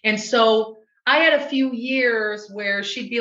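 A woman from the US Midwest, an actress being interviewed, telling stories in a lively, chatty way full of restarts. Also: on the high side, moderate pace, hardly any pauses. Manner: animated, chatty storyteller with laughs and restarts. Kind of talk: casual interview chat. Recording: roomy, dull recording.

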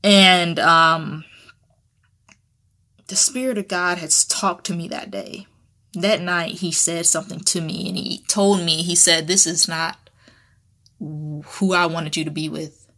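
Woman podcast host, conversational and frank, bright clear voice. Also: lowish voice, steady tone, takes it slowly, long pauses. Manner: candid and conversational, with colloquial phrasing and frequent restarts. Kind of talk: casual personal talk.

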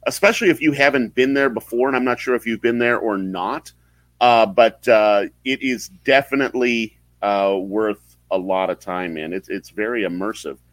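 Deep-voiced man, halting podcast host. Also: fairly bright tone, dry recording, rough recording. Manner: halting, many fillers and restarts. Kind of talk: casual live-stream chat.

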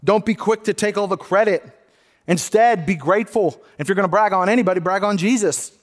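Earnest preaching man, slightly high voice. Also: fairly quick, in a large hall. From United States. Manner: earnest, conversational preaching with frequent restarts. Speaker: pastor. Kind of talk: sermon. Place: church sanctuary.

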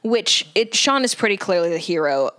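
A woman's voice: medium pitch, big pitch swings, normal speed, fairly bright tone, no echo, clean studio sound. A woman co-hosting a casual podcast, breaking down a TV episode with wry analysis and easy laughter. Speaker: podcast co-host. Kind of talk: casual chat recapping a TV episode.

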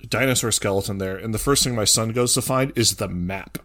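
A man's voice: on the low side, a little fast, a bit bright. A man in his thirties co-hosting a podcast, talking in an easygoing, hesitant way. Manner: easygoing, hesitant, many fillers. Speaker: podcast co-host. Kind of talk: casual chat.

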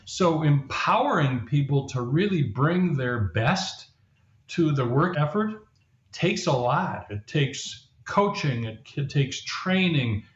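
A medium-pitched man, a leadership coach and author, lays out his ideas as a podcast interview guest, occasionally acting out quoted voices. The recording sounds roomy, dull and lo-fi.

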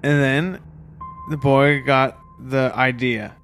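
A man co-hosting a comedy podcast, cracking quick crude jokes while improvising a story. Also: mid-range voice, a bit bright, clean tone, soft background music. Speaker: podcast co-host.

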